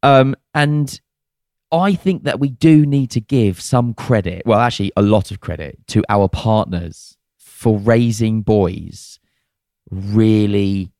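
A man's voice: lowish voice, slow, darkish tone, no room sound, clean studio sound. A man co-hosting a podcast, chatting frankly and jokily with plenty of fillers. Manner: frank and jokey, lots of fillers. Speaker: podcast co-host. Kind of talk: casual chat.

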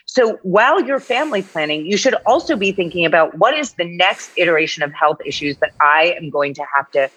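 Lively, low-voiced woman in her fifties. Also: fairly quick, few pauses. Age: 50s. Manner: animated, rambling with restarts. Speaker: guest. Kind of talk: casual podcast conversation.

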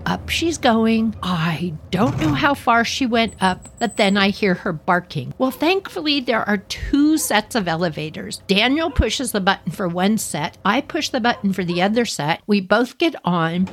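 A middle-aged woman from California tells a personal story on her podcast. She talks in an animated way and acts out the voices in it, with big leaps in pitch. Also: a little slow, hardly any pauses, slight background noise. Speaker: podcast host.

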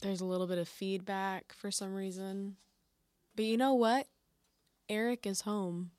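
A woman's voice: medium pitch, fairly even intonation, a little slow, darkish tone, dry recording. Joking woman podcast co-host. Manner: joking, chatty. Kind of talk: casual chat. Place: on a porch.

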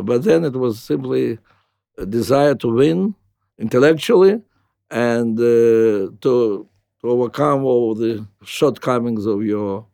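Older man with a Russian accent, gravelly. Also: mid-range voice, mellow, no echo, clean studio sound. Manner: halting, restarts with "uh", non-native grammar. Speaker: guest. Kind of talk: reflective interview answers.

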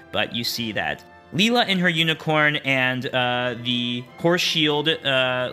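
A man runs a tabletop game and narrates the action with an upbeat manner, laughing often. His voice is bright and forceful, with faint music behind him. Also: mid-range voice. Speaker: game master.

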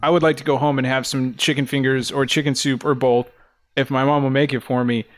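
A man's voice: mid-range voice, little pitch movement, fairly quick, close to an everyday voice. A man voicing a frightened young boy in a tabletop game, pleading to be taken home. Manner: pleading, lost. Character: scared young boy who wants to go home.

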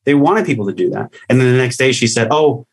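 A man's voice: medium pitch, lively intonation, fast, vocal fry, slightly rough. A man hosting a podcast, talking through an impassioned, rambling monologue full of "like" fillers. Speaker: podcast host.

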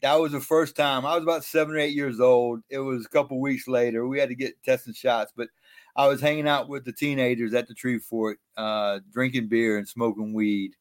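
A middle-aged man telling his life story as a guest in an interview, animated and self-mocking. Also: mid-range voice, brisk, no room sound.

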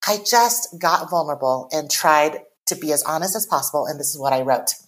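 A woman in her forties, born in Taiwan and raised in the US, speaking earnestly as a podcast guest and reading her own writing aloud slowly. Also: sits low. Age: 40s. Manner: reflective, earnest, slows down when reading. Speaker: author guest.

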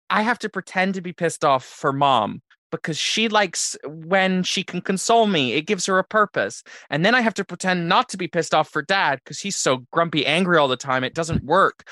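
A man playing a timid, scattered young boy in an improv comedy scene, talking in a hesitant, halting way. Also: sits high, no echo, studio quality. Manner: hesitant, halting, soft-spoken.

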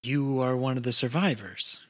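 A man voicing a composed female wood elf who speaks for her council in measured, formal sentences. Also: medium pitch, sharp tone. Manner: measured, formal diplomatic speech.

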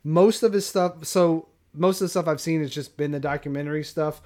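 Guy with a slightly high voice, casual movie chat, stumbles a bit and agrees a lot. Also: fairly quick, a little mellow. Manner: hesitant, restarts and short agreeing replies. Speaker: podcast co-host. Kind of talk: casual film review chat.

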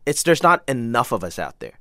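A man's voice: mid-range voice, fairly quick, dry recording, studio quality. A man from Hong Kong in his thirties, a comedian guest talking in a casual interview, telling stories animatedly. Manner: animated storytelling, quotes others in lively voices.

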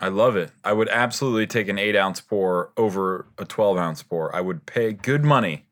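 A man's voice: on the low side, moderate pace. A man co-hosting a casual podcast chat, joking and laughing often. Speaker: podcast co-host.

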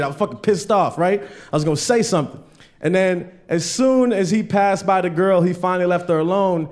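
Guy doing standup at a club, kinda high voice, swears a lot, acts out his stories. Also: a little fast, a little mellow. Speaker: stand-up comedian. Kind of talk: stand-up comedy set. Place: comedy club stage.

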